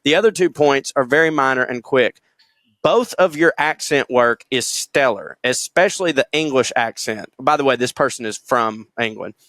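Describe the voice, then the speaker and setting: A man's voice: mid-range voice, normal speed, a bit bright, no room sound. Man reading listener emails on a podcast. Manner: loose and jokey, swears freely, laughs while reading. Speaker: podcast co-host.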